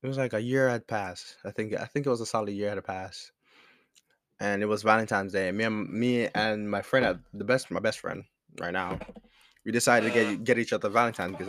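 In a dry recording, a young podcast host with a fairly low, fairly even voice tells a personal story at a fairly quick clip, his tone a bit bright. He's candid and rambling, leaning on slang and restarting often, while a chair squeaks nearby.

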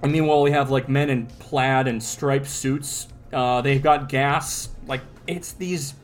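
A man's voice: medium pitch, fairly even intonation, unhurried, faint music behind. A man co-hosting a podcast in casual chat, describing comic panels aloud and swearing freely. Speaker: podcast co-host.

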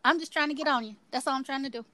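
A woman's voice: sits high, rapid-fire, a crowd in the background. A Southern woman co-hosting a casual podcast, talking in a brash, teasing, flirtatious way. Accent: Southern American. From Southern United States. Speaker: podcast co-host.

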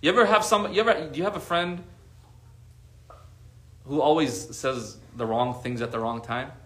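A man giving a lively, conversational sermon to a group, acting out what friends would say. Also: mid-range voice, moderate pace, reverberant. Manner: animated, conversational, acts out quoted friends. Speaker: religious teacher.

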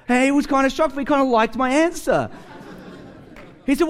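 A man's voice: extremely high pitch, big pitch swings, brisk. A man with an Australian accent, a pastor preaching a conversational sermon and telling a story with acted-out dialogue.

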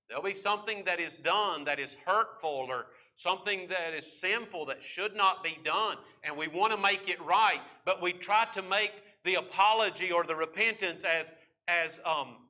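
A man preaching a sermon, emphatic, acting out the figures in the story and slowing right down to stress key points. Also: sits high, pushed and bright.

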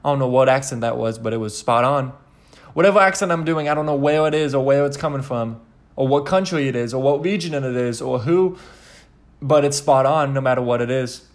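A man's voice: medium pitch, a little fast. A man hosting a podcast in casual chat, rambling with lots of fillers and swearing. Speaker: podcast host.

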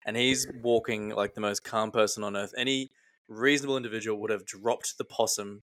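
A man's voice: fairly low pitch, fairly even intonation, fairly quick, fairly bright tone, dry recording. An Australian man co-hosting a podcast, telling wry, mocking stories in casual banter. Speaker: podcast co-host.

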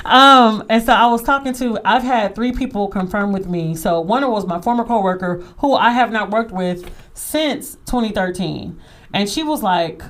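A woman's voice: medium pitch, normal speed. A woman hosting a radio show, chatting casually and telling stories with frequent laughter. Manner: lively, laughs often, expressive storyteller.

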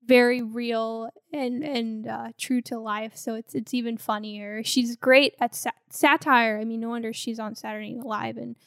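A woman's voice: a little high, flat delivery, moderate pace, hardly any pauses, a bit bright, dry recording, studio quality. A woman co-hosting a podcast, casually chatting about a film, laughing often and acting out quotes. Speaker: podcast co-host.

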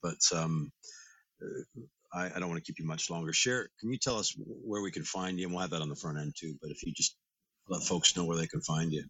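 Deep husky man hosting a podcast. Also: a little fast, fairly bright tone, no echo. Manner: enthusiastic, affirming, friendly. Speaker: podcast host. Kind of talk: casual podcast interview. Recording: dull, lo-fi audio with faint music.

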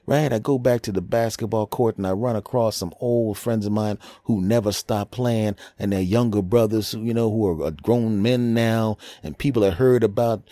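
A man's voice: lowish voice, moderate pace, few pauses, mellow, no echo. A middle-aged man hosting his podcast, delivering a brash, mocking comedic rant. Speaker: podcast host.

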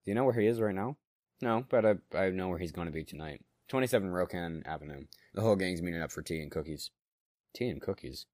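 A man's voice: deep voice, fast talker, a little mellow, dry recording, studio quality, close to an everyday voice. A man voicing a scheming woman director who stammers and corrects herself on the phone. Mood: flustered.

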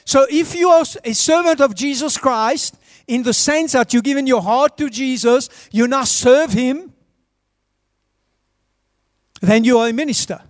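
A man's voice: extremely high pitch, unhurried, long pauses, no echo, studio quality. A man preaching a sermon as a pastor in a church, urging the congregation to answer back. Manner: urges the congregation to respond.

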